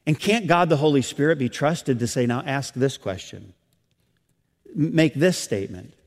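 A man's voice: mid-range voice, lively intonation, moderate pace. A middle-aged man preaching a sermon as a pastor, rising and swelling with emphasis on key phrases. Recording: hall reverb.

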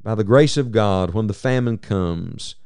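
A man's voice: fairly low pitch, measured pace, a little mellow, clean tone, dry recording, studio quality. A man delivering an urgent, exhorting sermon. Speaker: Bible teacher.

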